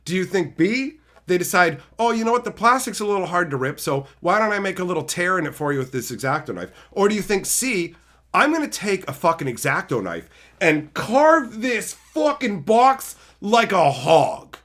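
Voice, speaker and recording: A man telling a story in a casual vlog, animated and profane, often exclaiming and cursing. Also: high-pitched, moderate pace. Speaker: card game streamer.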